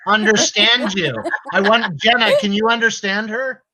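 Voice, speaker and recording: A woman's voice: mid-range voice, fairly even intonation, normal speed, a crowd in the background, poor audio. A woman hosting a casual livestream chat, teasing and playful with her guests. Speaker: host.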